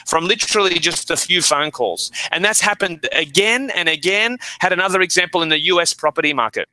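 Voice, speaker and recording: A man as a guest, telling business stories in an animated way and acting out the people he quotes. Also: sits high, brisk, poor audio. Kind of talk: energetic storytelling.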